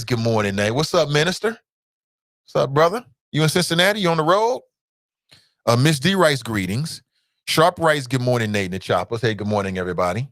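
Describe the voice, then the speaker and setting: A man hosting a talk show in a casual, animated way, swinging his pitch up and down. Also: dry recording, clean studio sound.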